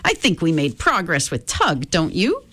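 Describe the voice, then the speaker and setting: Calm magical helper, as a woman reads him. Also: lowish voice, moderate pace, exaggerated voice. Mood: knowing. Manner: calm, reassuring, knowing. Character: freckled magical helper who pops in and out, calm and confident.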